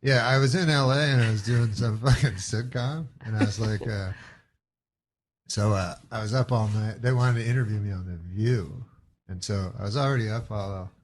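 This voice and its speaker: A man's voice: lowish voice, moderate pace, slight background noise. A man with a Canadian accent telling a meandering story as a comedy guest, in a dry delivery broken by chuckles and hesitations. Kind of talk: rambling anecdotal storytelling.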